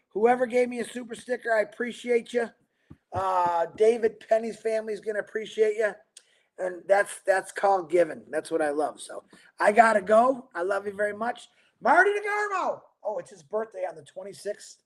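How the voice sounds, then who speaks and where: A man hosting a casual livestream, rambling upbeat as he greets viewers by name, talking fast and a bit mumbled. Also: high voice. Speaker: livestream host. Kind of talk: casual livestream chat reading viewer comments.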